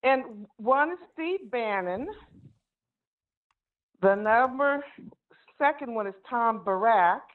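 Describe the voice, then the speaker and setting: A woman's voice: on the high side, animated, takes it slowly, long pauses. A woman calling in to a talk show, carefully reading out names and details from a list. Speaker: caller. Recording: tinny phone line.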